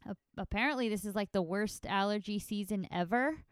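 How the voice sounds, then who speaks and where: Woman, nasal from allergies, podcast host, rambling and self-deprecating, smooth clear voice, dry sound. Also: mid-range voice, brisk, no echo. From New York. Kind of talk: casual solo podcast chat.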